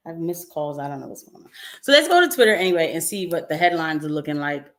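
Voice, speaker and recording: Young woman livestream host, slightly low voice, chatty and animated, laughs often and talks to her viewers in asides. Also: fast. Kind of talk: casual political commentary livestream.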